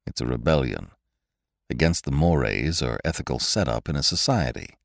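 Weary, short-tempered space traveler , voiced by a deep-voiced man. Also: lively intonation, normal speed, vocal fry, dry recording, studio quality, exaggerated voice. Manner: tired and short-tempered, shouting in a crisis. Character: weary, irritable adult male space traveler.

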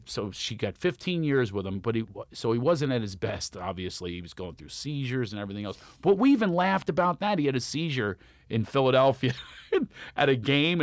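Animated male comedian telling stories. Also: no room sound, clean studio sound. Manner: animated storyteller, acts out quotes with big pitch jumps. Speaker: comedian guest. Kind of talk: casual storytelling chat.

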